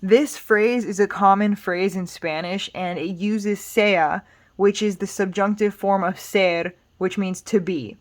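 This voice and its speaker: A woman teaching Spanish grammar in a relaxed, explanatory way, patient and reassuring, thinking aloud with small fillers. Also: mid-range voice, a little slow. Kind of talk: casual explanatory lesson.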